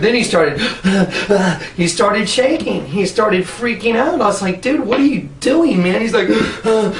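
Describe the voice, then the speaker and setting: An excitable man tells his story with a high, bright voice that keeps breaking into laughter as he acts out both sides of a conversation. He sits a little back from the mic, and his voice rings around a roomy space with faint ambience behind it. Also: far from the mic, slight background noise. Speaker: preacher. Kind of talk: animated storytelling presentation.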